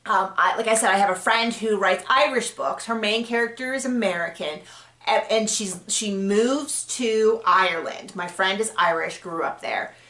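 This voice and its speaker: Woman, author, casual advice talk, chatty, self-correcting, mid pitch, roomy echo. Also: moderate pace, a bit bright.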